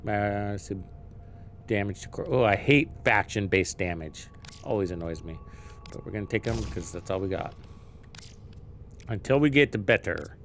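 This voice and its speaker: A man live-streaming a game, chatting casually, thinking out loud and swearing freely as he learns the menus. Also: lowish voice, lively intonation, normal speed, long pauses, slight background noise.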